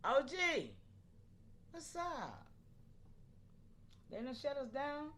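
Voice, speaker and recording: A high-pitched woman speaking hosts a live stream. She talks animatedly, often breaking off to call out to her viewers and laughing between points. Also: animated, drawn-out words. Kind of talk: casual live-stream talk to chat.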